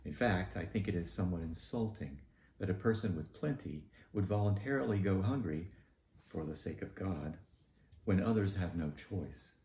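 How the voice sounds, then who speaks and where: Southern US man, deep mellow preacher voice, measured sermon delivery, echoey room with faint hum. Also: lively intonation.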